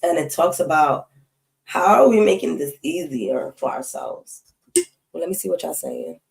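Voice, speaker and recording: Slangy, animated woman astrology streamer. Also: low voice, unhurried, vocal fry, slight background noise, rough recording. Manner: animated, slangy, talks straight to the chat. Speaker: astrology live-stream host. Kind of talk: casual live-stream chat.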